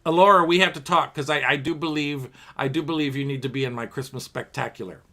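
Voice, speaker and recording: A man's voice: fairly high pitch, fairly even intonation, fast, bright, forceful tone. A man hosting a home livestream piano bar, singing show tunes and chatting playfully with viewers as he reads their comments aloud. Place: home apartment.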